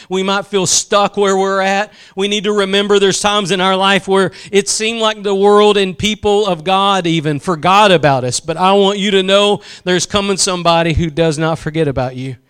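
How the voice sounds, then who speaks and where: A man preaching a sermon with passion, building slowly with emphasis and dropping into soft asides. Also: high voice, clean tone. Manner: impassioned, swings between slow emphatic build-ups and soft asides.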